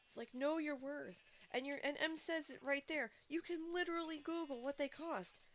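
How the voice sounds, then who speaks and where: High-pitched and fairly bright, this woman speaks a bit quickly over slight background noise. She's live-streaming a game and chatting loosely with viewers, full of fillers and restarts.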